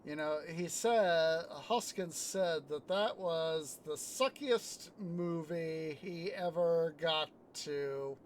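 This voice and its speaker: A man's voice: on the high side, slow pace, few pauses, a little hiss or hum. Rambling man chatting over gameplay. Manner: rambling, many fillers and restarts, retells scenes with sound effects. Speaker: streamer. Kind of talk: casual chat while playing a game.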